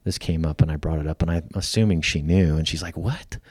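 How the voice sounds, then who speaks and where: A middle-aged man, a podcast guest, telling a personal story in a lively way and acting out the lines of the people in it. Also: a bass voice, quick pace, breathy edge, no echo, clean studio sound. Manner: lively storyteller who acts out quoted lines. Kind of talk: storytelling in casual conversation.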